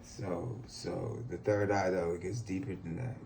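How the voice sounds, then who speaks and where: A man's voice: low-pitched, flat delivery, a little slow, vocal fry, a little mellow, slight background noise. A man in his thirties from Phoenix, telling stories in a loose, profane way with lots of fillers, on an outdoor balcony. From Phoenix, Arizona. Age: 30s. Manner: laid-back, profane, rambling with many fillers. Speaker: interview guest. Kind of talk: casual storytelling.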